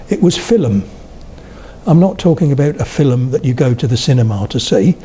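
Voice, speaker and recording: A man's voice: on the high side, warm tone, a little hiss or hum. An older man lecturing to a live audience, telling anecdotes in a chatty way and checking in with his listeners. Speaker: lecturer on spoken English. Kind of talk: public talk to an audience. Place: talk before a live audience of about eighty.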